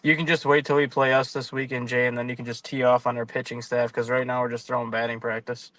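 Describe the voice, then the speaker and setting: A man's voice: mid-range voice, flat delivery, fast talker, fairly bright tone, no echo. A man co-hosting a sports talk stream, telling ballpark stories with wry, self-deprecating humor. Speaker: sports show co-host. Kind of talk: casual sports chat.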